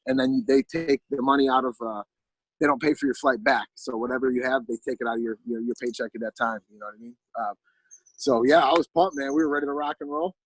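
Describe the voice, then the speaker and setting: A man, a pro fighter as a podcast guest, telling a story in an animated, casual way and often asking "you know what I mean". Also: medium pitch, quick pace, breathy edge, poor audio.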